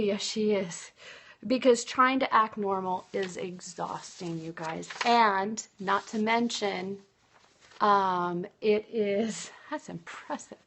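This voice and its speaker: A woman's voice: mid-range voice, fairly bright tone. A woman business coach giving a chatty, upbeat motivational talk on a livestream and talking straight to her viewers. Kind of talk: live-streamed motivational talk.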